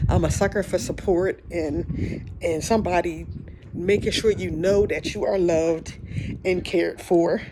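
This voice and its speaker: A podcast host giving a casual, heartfelt encouraging monologue, rambling and repeating phrases, saying y'all. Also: medium pitch. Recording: steady background noise.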